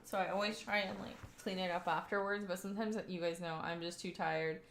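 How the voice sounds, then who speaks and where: A woman's voice: lowish voice, steady tone, fairly quick, a bit bright. A young woman from Kentucky, livestreaming and chatting with her viewers in a rambling way full of fillers. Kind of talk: casual stream chat, reading chat aloud. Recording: roomy echoey home room.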